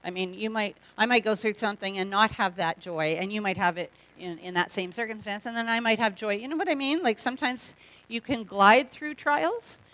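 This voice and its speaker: A woman's voice: medium pitch, fairly quick, fairly bright tone. A middle-aged Canadian woman, a guest speaker giving a humorous testimony talk in a church, chatty and joking, acting out quoted voices.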